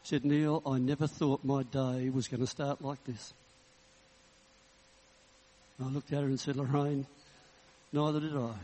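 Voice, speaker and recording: A man's voice: mid-range voice, flat delivery, unhurried, pauses often, dark tone. A man in his sixties, a Baptist minister, delivers a sermon in a humorous, conversational storytelling manner and closes in prayer. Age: 60s. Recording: reverberant hall.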